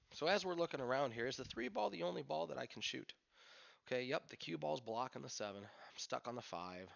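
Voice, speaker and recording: A man teaches pool mid-game, offering candid commentary as he thinks things through. His mid-range voice carries vocal fry and a slight brightness, and the recording is lo-fi and dull.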